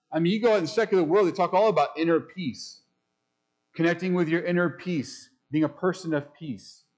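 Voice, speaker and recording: A man preaching a sermon as pastor, speaking emphatically, asking rhetorical questions and slowing down to read scripture. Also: high voice, darkish tone. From United States.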